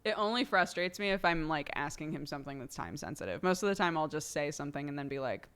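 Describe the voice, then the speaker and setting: A young woman with a slightly low voice hosts a livestream in a loose, chatty way. She fills her sentences with "like" and keeps laughing between thoughts. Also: expressive, quick pace, fairly bright tone, clear, resonant tone. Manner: chatty, laughs often, heavy use of "like". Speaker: livestream host. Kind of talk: casual chat.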